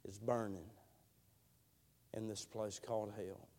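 A man preaching a sermon, telling a slow, drawling testimony that builds into fervent prayer. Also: on the low side, level tone, warm tone.

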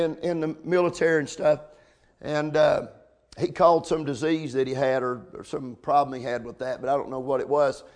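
Male preacher, high-pitched, folksy sermon delivery with amens. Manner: preaching with call-outs of amen and come on now.

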